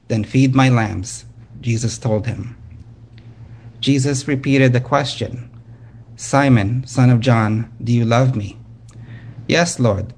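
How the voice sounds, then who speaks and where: A man reading a Bible passage aloud at a steady, measured pace, with an occasional slip. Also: medium pitch, gravelly. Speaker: scripture reader.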